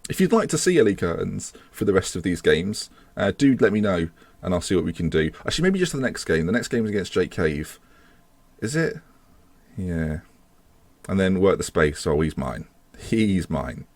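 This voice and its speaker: A man's voice: deep voice, sing-song, normal speed, darkish tone, dry recording. A man giving casual commentary on his football management game, chatty and self-mocking, swearing when things go wrong. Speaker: gaming video host.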